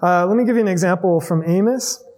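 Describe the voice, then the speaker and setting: High-voiced man preaching in a reverberant hall. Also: fast, a little mellow. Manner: conversational, checks in with "right?" asides. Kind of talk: sermon. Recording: long reverb of a large hall.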